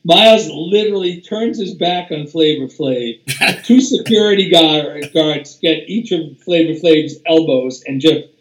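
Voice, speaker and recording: A man's voice: fairly high pitch, measured pace. An older man, a music producer, telling casual anecdotes as an interview guest, rambling with restarts, fillers and swearing. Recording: roomy echo.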